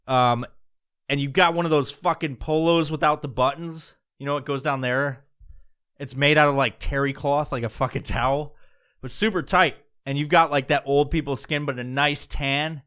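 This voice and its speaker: A man's voice: medium pitch, fairly bright tone. A man doing a profane, rambling comedic rant as a podcast host.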